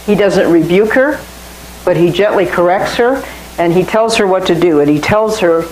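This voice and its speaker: A woman leads an informal Bible study for a small group, talking through scripture conversationally and often repeating or restarting phrases. Her voice is lowish and darkish at a moderate pace. The audio is poor, with an echoey room and slight background noise.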